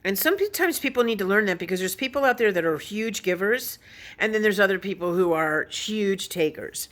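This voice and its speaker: A woman's voice: medium pitch, animated, a little fast, fairly bright tone. A woman vlogging casually, telling a story in a blunt, opinionated way and swearing now and then. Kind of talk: casual vlog monologue.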